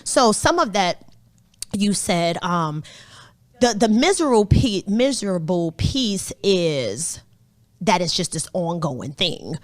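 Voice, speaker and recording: A woman's voice: on the low side, expressive, takes it slowly, dry recording. A woman in her thirties, a therapist co-hosting a podcast, talking candidly and animatedly with some swearing. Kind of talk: casual podcast conversation.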